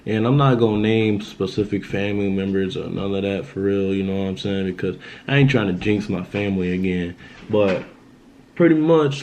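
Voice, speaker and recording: A man's voice: on the low side, darkish tone, a little hiss or hum, poor audio. A young man telling a personal story on his vlog in a loose, casual monologue that circles back on itself. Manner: loose, repetitive, keeps asking "you know what I'm saying".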